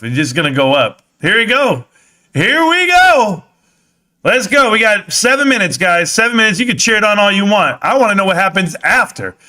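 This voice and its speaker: A young man hosting a live stream, talking excitedly, reading chat and yelling at times, sweaty and winded. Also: high-pitched. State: sweating in a helmet. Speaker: livestream host.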